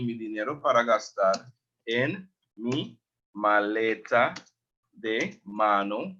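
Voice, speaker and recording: Slow, bright-voiced man teaching a language. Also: mid-range voice, highs cut off. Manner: slow, explains words and repeats them. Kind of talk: spoken language lesson.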